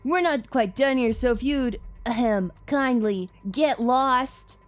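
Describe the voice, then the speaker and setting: A woman's voice: a little high, takes it slowly, faint music behind, voice pushed up. A woman voicing a cocky young male bully in a game, mocking and taunting with a patchy put-on British twang. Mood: sneering. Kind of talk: voicing lines in a game playthrough.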